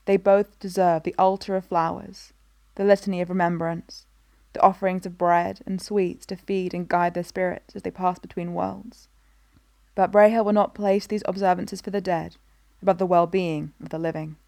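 A woman reading a story aloud in an even, measured narration. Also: on the low side, creaky, no echo, studio quality. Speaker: reader. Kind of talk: scripted narration of a fan story.

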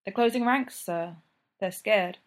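A woman's voice: mid-range voice, a little slow, lightly acted. A woman voicing an earnest, deferential young male police constable in an audiobook. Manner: deferential, careful.

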